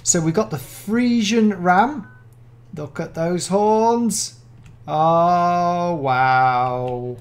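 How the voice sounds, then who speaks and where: Gushing British gameplay commentator, gravelly. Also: mid-range voice, extremely slow. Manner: gushing, excitable, lots of gasps and oohs. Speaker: Minecraft mod showcaser.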